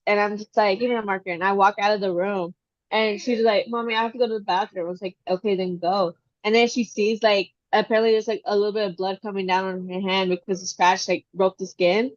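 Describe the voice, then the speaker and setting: A woman chatting casually as a podcast co-host, telling a story with lively, dramatic retellings. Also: medium pitch, dry recording, dull audio. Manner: animated, acts out her daughter's whiny voice.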